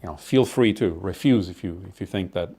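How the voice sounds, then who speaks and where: A man voicing a calm, soft-spoken male doctor who talks in a hushed, measured, hesitant way. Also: low-pitched, pitched below the performer's own voice. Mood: grave.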